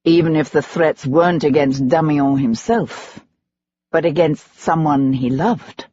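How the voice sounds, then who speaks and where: A woman's voice: sits low, a little slow, warm tone, slightly rough, muffled recording. A narrator doing an earnest young noblewoman. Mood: insistent. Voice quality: earnest, insistent.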